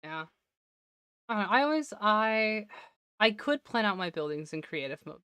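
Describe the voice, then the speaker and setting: A woman's voice: medium pitch, big pitch swings, moderate pace, sharp tone, smooth, dry recording. A woman streamer giving casual gameplay commentary, talking to herself and laughing often, her voice slightly worn. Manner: chatty self-talk, laughs often.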